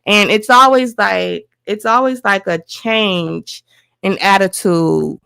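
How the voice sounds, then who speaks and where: A woman's voice: mid-range voice, slow, gravelly, clean tone, no echo. A woman telling a personal story as a guest, acting out the lines of the people involved as she goes. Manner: animated retelling with quoted dialogue. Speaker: guest, host's wife.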